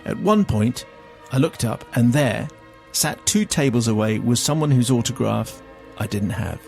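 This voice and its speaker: A man's voice: mid-range voice, expressive, unhurried, creaky, darkish tone, soft background music. A male radio host reading out a listener's confession in a dry, theatrical storytelling manner.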